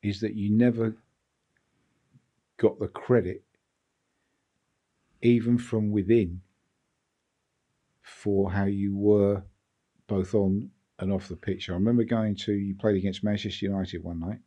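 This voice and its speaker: Husky-voiced father, dull lo-fi sound. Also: fairly low pitch, little pitch movement, measured pace, long pauses. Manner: warm proud recollection, prompting questions. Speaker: guest's father, co-host. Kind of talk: casual podcast conversation.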